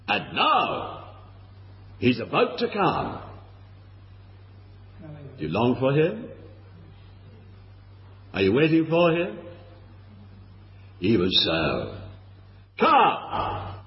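A man preaching a sermon, earnest and pleading, asking his listeners question after question. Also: on the high side. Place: church hall. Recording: lo-fi recording in a reverberant hall.

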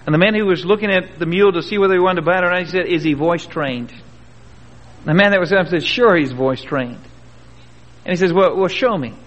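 A man's voice: high-pitched, fast talker. A man preaching a sermon in a folksy, earnest way, with rhetorical questions and homespun stories. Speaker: pastor. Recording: dull old recording in a reverberant hall.

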